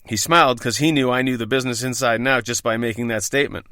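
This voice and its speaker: A man's voice: mid-range voice, quick pace, pushed and bright, no room sound, clean studio sound. A man reading out his own bar stories, wry, profane and self-deprecating. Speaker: podcast host telling his own bartending stories. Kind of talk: scripted first-person storytelling.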